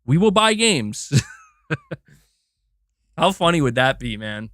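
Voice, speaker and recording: A young man hosting a casual live stream, excitedly thanking members and chatting while doing curls. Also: medium pitch, slow, no echo, studio quality. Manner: excitable, reads out member gifts, chats while exercising. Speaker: livestream host.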